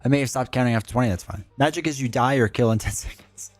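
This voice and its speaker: A man's voice: medium pitch, quick pace, no echo, soft background music. A man streaming live, chatting casually and answering his chat in a rambling way.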